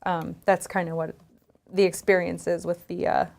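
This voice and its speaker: A woman's voice: fairly low pitch, level tone, moderate pace, vocal fry, darkish tone. Chatty woman, casual podcast guest, easy laugh, frequent restarts. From California. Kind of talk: casual chat.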